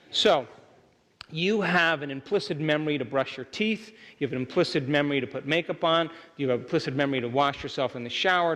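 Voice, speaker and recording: A man's voice: on the high side, fairly bright tone. A man giving a motivational seminar lecture to a live audience, keeping them engaged by asking if they follow along. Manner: keeps checking in with the audience. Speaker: seminar speaker. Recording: long hall reverb.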